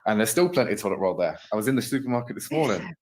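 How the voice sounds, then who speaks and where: A man's voice: fairly low pitch, big pitch swings, very fast. A man being interviewed, chatting casually and rambling with lots of fillers.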